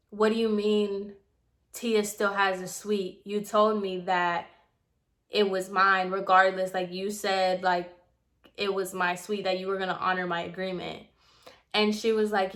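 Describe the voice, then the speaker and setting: A young woman vlogger recounting a story in casual conversation, animated and heated as she quotes the back-and-forth. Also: medium pitch, takes it slowly.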